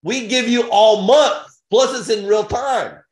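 A man giving an energetic business opportunity pitch in punchy, repetitive short phrases with bursts of excitement. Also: unhurried. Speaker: sales presenter. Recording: roomy echo.

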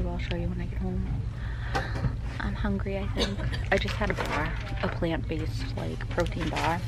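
Young Boston woman, casual chatty vlogger on a handheld phone, a bit low-voiced, noisy recording. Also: moderate pace, pauses often. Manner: chatty, coos baby talk to her dog. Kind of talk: casual vlog chat.

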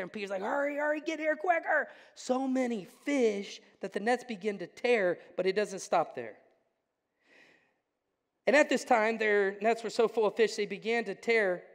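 High-voiced preacher in a reverberant church. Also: male voice. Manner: swings between hushed intensity and loud exclamation. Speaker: pastor. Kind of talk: sermon. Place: church sanctuary.

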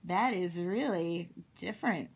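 A mild, courteous octopus, read aloud by a woman from a children's storybook. It speaks slowly in a soft, slightly breathy voice. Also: fairly low pitch. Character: polite, gentle male octopus.

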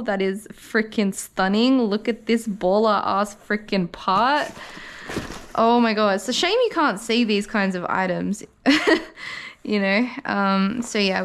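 Gushing slow-talking young woman vlogger. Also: medium pitch, clean tone. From Australia. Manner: gushing, swears often, slow-paced. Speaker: car vlogger. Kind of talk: excited unboxing vlog.

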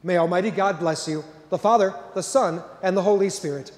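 A man's voice: sits high, a little fast. A man serving as pastor, giving jovial closing remarks and a blessing at Mass in a large church. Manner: jovial, warm-hearted delivery with playful asides. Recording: reverberant church hall.

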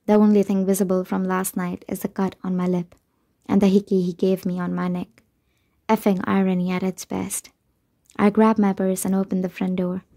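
Woman audiobook narrator, first-person novel, mellow tone, even pitch. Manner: even, measured reading.

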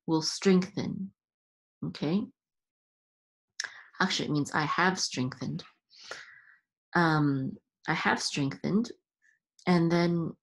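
A husky woman with a fairly low voice leads a patient reading lesson. She speaks very slowly and sounds out each syllable with care. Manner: sounds out syllables slowly, chanting accent marks higher. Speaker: Hebrew reading teacher.

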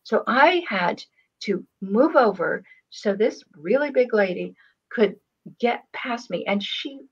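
A woman's voice: a little high, animated, takes it slowly, husky, highs cut off. An older woman in casual conversation, telling stories with hesitant restarts and fillers. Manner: rambling, hesitant storyteller. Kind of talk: casual chat.

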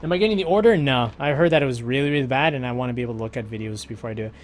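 A man streaming a fighting game, casually talking through his moves to the chat and muttering to himself between bursts of excitement. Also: medium pitch, rapid-fire, hardly any pauses. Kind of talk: casual live stream commentary. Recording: music playing behind the voice.

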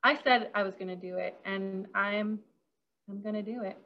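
A bubbly, chatty woman caterer talks viewers through a demonstration, giggling often. Her voice sits at an ordinary middle pitch. The sound is slightly muffled, like online call audio. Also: steady tone, normal speed. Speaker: caterer leading a workshop. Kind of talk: casual hands-on demonstration.

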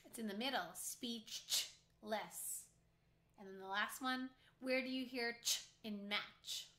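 A woman teacher leading a phonics lesson for young children, clearly sounding out words letter by letter. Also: on the high side, steady tone, slow pace, bright, forceful tone. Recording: echoey room.

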